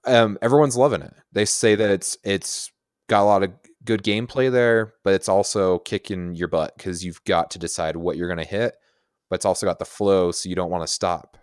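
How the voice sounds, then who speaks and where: A man's voice: deep voice, normal speed, clean tone, no room sound, studio quality. A man co-hosting a casual podcast, speaking enthusiastically and laughing easily. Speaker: podcast co-host. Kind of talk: casual chat.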